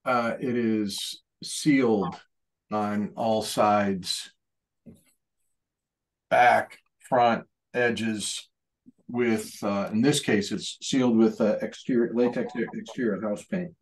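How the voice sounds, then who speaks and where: A man's voice: fairly low pitch, steady tone, slow. A man chatting casually on a video call while painting, rambling and correcting himself. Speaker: artist painting during a group session.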